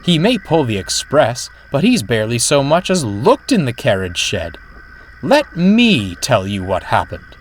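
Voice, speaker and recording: A man's voice: medium pitch, wildly swooping pitch, measured pace, slight background noise, rough recording. A man voicing a cheerful, gossiping male engine with a chuckling, chatty manner. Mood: amused.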